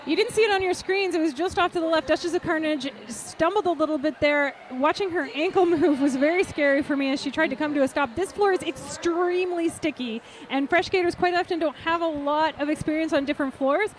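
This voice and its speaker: Chatty high-voiced woman commentating derby. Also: a little fast, few pauses, a little hiss or hum, rough recording. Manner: chatty and jokey, laughing at her own puns. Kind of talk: live sports commentary.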